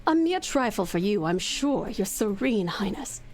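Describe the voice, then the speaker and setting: A woman's voice: medium pitch, sing-song, normal speed, a little mellow, soft background music, pitched below the performer's own voice, lightly acted. A woman voicing a sweet-natured male courtier who speaks in a flowery, courtly way. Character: sweet-voiced male courtier offering a wager.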